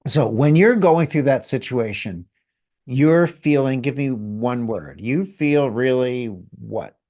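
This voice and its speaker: A man guiding someone through a feeling exercise in a calm, gently directive coaching way. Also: medium pitch, takes it slowly. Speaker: guest healer leading an exercise. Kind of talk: guided exercise in conversation.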